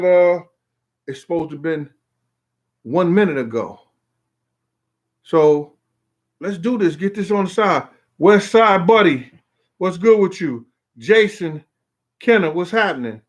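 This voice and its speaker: Fast-talking man shouting out viewers. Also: sits high, expressive. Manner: street slang, shouts out viewers by name; emphatic, repeats himself. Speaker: show host. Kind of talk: casual live-stream chat.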